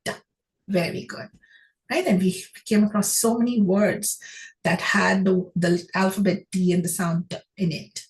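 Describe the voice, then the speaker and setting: A woman teaching children phonics, patient and encouraging, sounding out words slowly and praising often. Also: medium pitch, fairly even intonation. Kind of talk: phonics lesson to young children.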